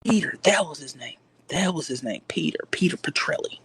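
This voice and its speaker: A man's voice: fairly high pitch, animated, brisk, vocal fry, a bit bright, slight background noise. A man hosting a casual live stream, chatting and answering comments from his viewers. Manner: chatty, reads and answers chat comments aloud. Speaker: livestream host.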